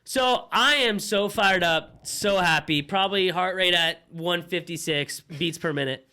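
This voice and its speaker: A young man co-hosting a podcast, telling a story in an excited, casual way full of swearing and fillers. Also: high voice, unhurried, smooth. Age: young adult. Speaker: podcast co-host.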